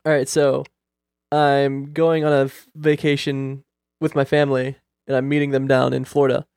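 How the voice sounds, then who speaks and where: A young man telling a story in casual chat, animated and acting out the quoted dialogue. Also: medium pitch, normal speed, clean tone, no room sound, clean studio sound. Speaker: guest storyteller.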